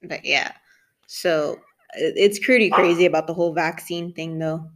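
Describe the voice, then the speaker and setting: A woman's voice: low-pitched, fairly even intonation, moderate pace, a little hiss or hum. A young woman co-hosting a casual podcast chat, teasing and full of fillers. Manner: laughing, filler-heavy, teasing. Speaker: podcast co-host.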